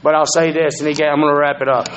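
The recording is poor, with a little hiss or hum, and the man talks very fast at a fairly high pitch, slightly bright and with little pitch movement. Telling his recovery story as a testimony, he's conversational and profane and keeps asking "you know what I'm saying."

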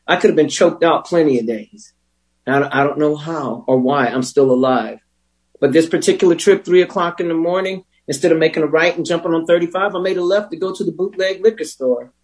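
A man telling his recovery story as a personal testimony, candid and wry, with emotional pauses. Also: on the high side, darkish tone, breathy edge, low-quality recording. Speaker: speaker sharing a recovery story.

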